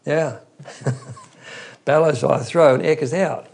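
A man's voice: fairly high pitch, a little slow, gravelly, pauses often, darkish tone. A man preaching an expository Bible teaching in an earnest, emphatic way, often restarting his phrases.

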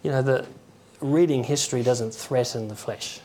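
Man, conversational preacher, halting delivery, acts out stories. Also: medium pitch, warm tone, a little hiss or hum. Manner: conversational, halting, with chuckles and acted quotes. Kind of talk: informal sermon.

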